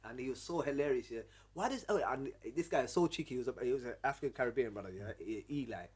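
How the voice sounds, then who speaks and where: Young host, husky, rapid and emphatic in casual talk. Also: male voice, mid-range voice. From Somalia. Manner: animated, emphatic storytelling. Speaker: podcast host. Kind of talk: casual podcast chat.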